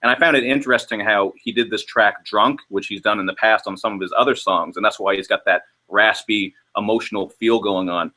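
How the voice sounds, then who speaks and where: Bright-toned Canadian man chatting. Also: fairly low pitch, fairly quick, few pauses. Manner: chatty and enthusiastic about favorite artists. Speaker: guest reviewer. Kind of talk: casual album review discussion.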